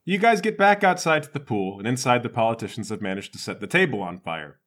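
Animated, bright-voiced man narrating a game. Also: medium pitch, fast talker. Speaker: game master.

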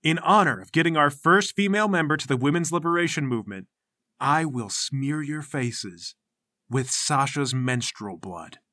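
A man's voice: on the high side, animated, quick pace, few pauses, bright, forceful tone, no room sound, clean studio sound, pitched above the performer's own voice. A man voicing a pompous teenage boy who leads a gang, talking in a self-righteous, indignant way. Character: pompous teenage male cult leader.

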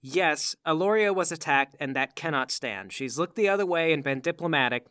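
Bright-voiced man playing a cagey spy. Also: on the high side, lively intonation, moderate pace, no room sound, clean studio sound. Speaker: player. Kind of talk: playing a tabletop game in character.

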